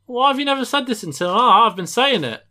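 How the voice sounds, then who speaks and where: A young English man co-hosting a podcast, excitable and chatty with frequent stammering restarts. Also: very high-pitched, quick pace. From England. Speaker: podcast co-host. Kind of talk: casual podcast chat.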